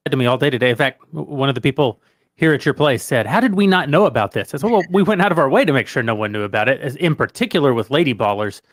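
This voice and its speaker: A man's voice: mid-range voice, animated, fast, dry recording, studio quality. A man who runs a media company, a guest on a panel show, explaining confidently. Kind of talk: panel interview talk.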